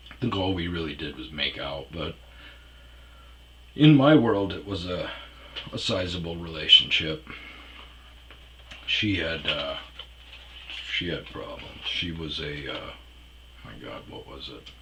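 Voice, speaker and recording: A man's voice: very deep voice, animated, takes it slowly, pauses often, a bit bright, a little hiss or hum, low-quality recording. A man telling a rambling personal story in a casual, profane way, trailing off with fillers. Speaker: storyteller host.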